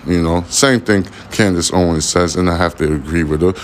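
Profane, rambling man with a low voice. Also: fairly quick, slight background noise. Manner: profane, rambling, streetwise slang. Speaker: podcast host. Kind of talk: casual monologue.

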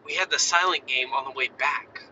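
A man in his thirties chatting casually, telling animated stories about his kids and acting out their voices. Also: medium pitch, a little fast, dull audio, a little hiss or hum. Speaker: father. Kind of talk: casual chat.

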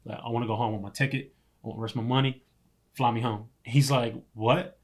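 A man telling a story in casual chat, animated and laughing often, swearing freely. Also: medium pitch, fast.

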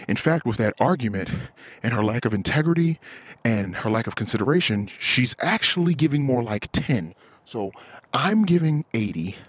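A man's voice: on the low side, breathy edge, dry recording. A man hosting a podcast, venting in a blunt, profane, frustrated casual monologue. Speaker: podcast host.

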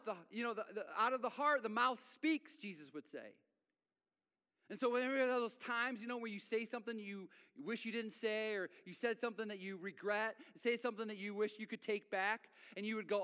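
A man's voice: sits high, brisk, bright, forceful tone. A man preaching a conversational sermon as pastor, acting out little everyday scenes as he goes. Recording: long hall reverb.

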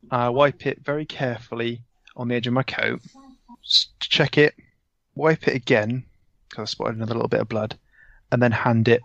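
A man's voice: medium pitch, creaky, no echo, lo-fi sound. A man playing a tabletop role-playing game in character, laid-back and cocky, calling others mate. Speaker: player.

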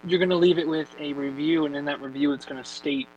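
A young man co-hosting a casual podcast, joking and chiming in with quick interjections. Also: fairly high pitch, steady tone, darkish tone, lo-fi sound, a little hiss or hum. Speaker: podcast co-host.

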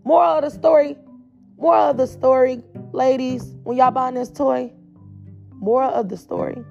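Gravelly, profane woman telling a story. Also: high voice, fairly even intonation, moderate pace, darkish tone, highs cut off, soft background music. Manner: blunt, profane, chatty, speaks straight to the listeners. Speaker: storyteller addressing her viewers. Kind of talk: casual storytime vlog.

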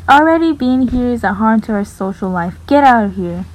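Woman reader doing a harsh, contemptuous street woman in a storybook reading, high and loud. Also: expressive, brisk, slight background noise, close to an everyday voice, low-quality recording. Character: hostile woman passer-by.

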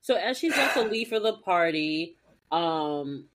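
Slow-talking woman recapping a show. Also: fairly low pitch, slight background noise. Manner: animated, acts out characters' lines in a heightened voice. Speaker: podcast co-host. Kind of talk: casual recap chat.

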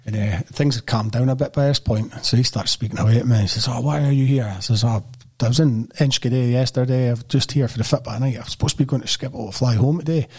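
A middle-aged man with a Scottish accent spins a rambling story in relaxed chat. His voice is husky and sits at an ordinary pitch. He laughs through it and acts out the voices in his tale. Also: fast. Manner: animated storytelling, laughs often, acts out quotes. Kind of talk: casual anecdote chat.

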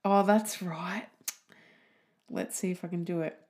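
A woman from Australia hosts a podcast, chatting on her own in a loose, giggly way and poking fun at herself as she drifts off topic. Her voice sits a little low and she takes her time. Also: fairly even intonation, unhurried, pauses often, darkish tone. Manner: giggly, self-mocking, goes off on tangents. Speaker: podcast host. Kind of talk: rambling casual podcast monologue. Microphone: desk mic, typing heard.

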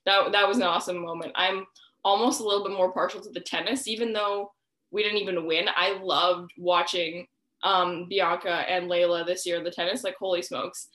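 A young woman hosting a casual sports podcast, bubbly and quick to laugh, saying "like" and "awesome" a lot. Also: on the low side, steady tone, fairly bright tone, roomy sound. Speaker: podcast host.

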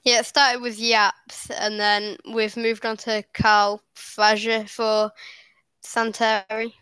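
Bright woman giving short agreeable answers. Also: on the high side, level tone, slow, smooth, no echo. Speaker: podcast guest. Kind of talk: casual chat.

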